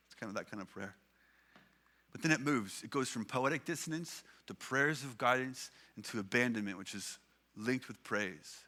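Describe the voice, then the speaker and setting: A man's voice: mid-range voice, normal speed, sharp tone. A man preaching a sermon as pastor, with a Canadian English accent, speaking earnestly and lingering on the psalms he reads aloud.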